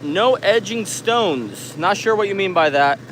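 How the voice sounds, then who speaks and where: High-voiced joking American livestream host. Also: male voice, expressive, a little slow, fairly bright tone, slight background noise. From United States. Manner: jokey, laughs often, reads comments aloud. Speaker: livestream host reading chat. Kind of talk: casual live chat. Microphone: handheld camera mic.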